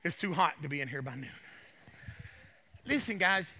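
A male pastor preaching a sermon to his congregation, swinging from quiet asides to hollering and calling out to the crowd. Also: fairly high pitch, expressive, moderate pace, pauses often, in a large hall. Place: church sanctuary.

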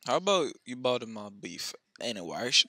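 A man hosting a casual podcast chat, teasing the others and quick to laugh. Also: medium pitch, very animated, bright, forceful tone, no room sound.

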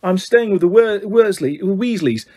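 A man voicing a flustered young wizard boy who talks in hurried, defensive bursts. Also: high-pitched, expressive, dark tone, pitched above the performer's own voice.

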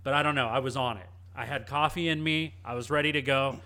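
A young man co-hosting a casual chat, telling a story in a cheeky, animated way. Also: mid-range voice, fast. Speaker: co-host.

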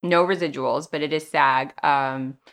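A young adult woman speaks as a guest in a relaxed interview, telling her stories in a chatty, animated way. Her voice sits low, and she slips into other people's words as she recounts things. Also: unhurried. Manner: chatty, animated storytelling with acted-out quotes. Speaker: actress guest. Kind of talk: casual interview chat.

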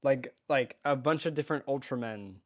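A man's voice: mid-range voice, normal speed, muffled recording. A man co-hosting a casual podcast, chiming in with short, profane asides.

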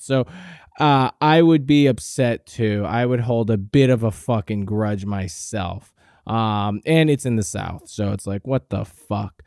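A man hosting a podcast, telling a comic story in a profane, rambling monologue with deadpan exaggeration. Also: medium pitch, dry recording, studio quality. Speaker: podcast host.

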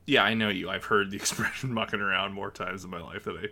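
A man co-hosting a podcast in relaxed casual chat, laughing easily as he talks. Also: deep voice, fast talker. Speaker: podcast co-host.

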